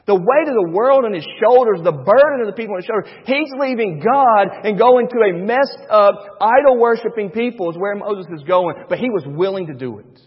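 A man, a pastor preaching a sermon, swinging between loud and hushed. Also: high voice, animated, brisk, hardly any pauses, slightly rough. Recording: dull recording with long church reverb.

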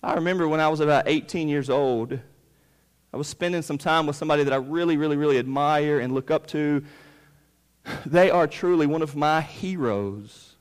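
A man's voice: moderate pace, clear, resonant tone. Emphatic male preacher in a reverberant hall. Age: 30s. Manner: emphatic preaching, rising loud on key points and dropping low. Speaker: pastor. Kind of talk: sermon. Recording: long reverb of a large hall.

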